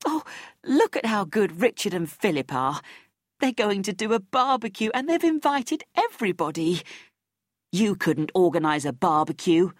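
Woman as doting, scolding parents, storybook reading, lively lift, dry. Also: medium pitch, normal speed, no echo, pitched above the performer's own voice. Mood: gushing. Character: admiring parents scolding their own child.

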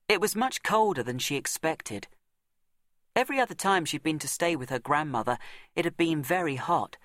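Man narrating a storybook, measured and dry. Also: a little high, fairly bright tone, dry recording. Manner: measured, dramatic pauses and slowed emphasis.

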